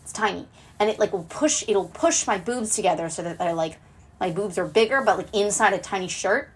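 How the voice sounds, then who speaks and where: A woman's voice: mid-range voice, animated, a little fast, husky. A woman hosting a podcast, talking in a rambling, jokey way full of "like". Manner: rambling, jokey, heavy use of "like". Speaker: podcast host. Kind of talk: casual podcast talk.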